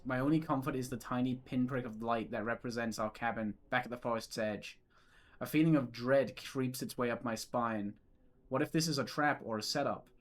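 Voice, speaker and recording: Rambling young man streaming a visual novel. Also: medium pitch. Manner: giggly, rambling, swears freely. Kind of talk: reading a visual novel aloud with live chat.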